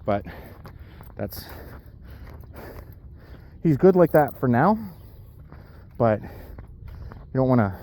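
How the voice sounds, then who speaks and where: A man's voice: mid-range voice, lively intonation, slow pace, pauses often, dark tone, slight background noise. A man talking casually into his camera while walking his dog outdoors, a bit out of breath from the uphill walk and rambling with lots of fillers. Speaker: powerlifter vlogging his day.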